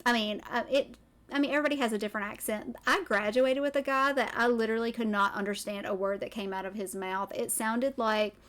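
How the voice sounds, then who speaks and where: A woman from Tennessee with a Southern accent, chatting casually on a livestream, excitable and rambling off on tangents. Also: a little high, fast. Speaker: streamer. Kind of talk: casual chat.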